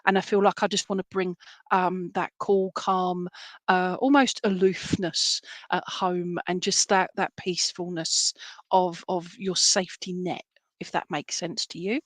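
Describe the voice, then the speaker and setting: A woman's voice: on the low side, little pitch movement, unhurried, no room sound. A woman who works as a medium, giving live readings in a loose, rambling way with lots of fillers and pet names for viewers. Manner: rambling, warm terms of address, many fillers. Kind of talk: live-stream reading, casual chat.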